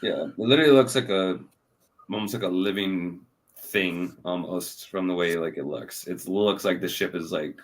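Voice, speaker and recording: A young man co-hosting an anime review chat, laughing often and leaning on filler words as he recaps scenes. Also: moderate pace. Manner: laughs often, lots of filler likes, voices scenes in jumps of pitch. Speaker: anime review podcast co-host. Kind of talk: casual chat.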